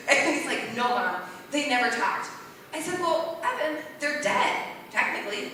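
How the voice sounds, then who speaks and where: A woman doing rambling, self-deprecating stand-up at an open mic night in a bar, with a voice she calls deep. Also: lively intonation, a little slow, sharp tone, slight background noise. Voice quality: deep-sounding voice. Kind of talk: stand-up comedy. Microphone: stage mic in a bar. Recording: roomy hall, voice from far off.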